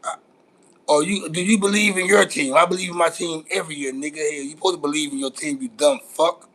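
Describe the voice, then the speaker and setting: A man's voice: fairly high pitch, fairly even intonation, quick pace, a bit bright. A man with a Los Angeles accent hosting a casual live-stream chat, teasing his viewers in brash, profane banter. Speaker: host.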